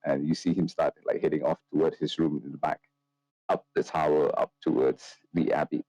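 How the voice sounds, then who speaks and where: A man narrating as game master of a tabletop game, in a loose, relaxed way with many fillers. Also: rumbling low, fairly quick, no room sound, lo-fi sound.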